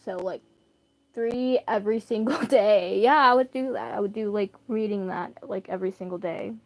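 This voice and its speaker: A woman's voice: medium pitch, moderate pace, dry recording. A young woman chatting casually and rambling while reading a story aloud on stream. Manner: rambling, self-deprecating, bursts of laughter.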